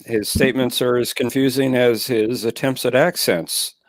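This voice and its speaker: A man's voice: medium pitch, fairly even intonation, normal speed, no echo. A man from Texas co-hosting a podcast, telling a story in casual chat.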